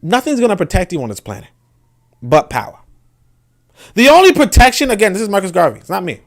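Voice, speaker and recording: High-voiced Brooklyn man, emphatic livestream host. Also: sing-song, fast talker. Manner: emphatic, repeats words when building a point; reads viewer comments aloud. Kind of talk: casual livestream commentary.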